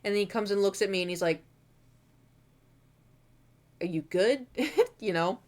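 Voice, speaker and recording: A young woman chats to her viewers from her room at home, picked up by a desk mic. She rambles candidly, full of "like" and the odd curse, her pitch sitting in an ordinary middle range. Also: lively intonation, fast talker. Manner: rambling, candid and swearing, many fillers. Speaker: streamer. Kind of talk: casual chat.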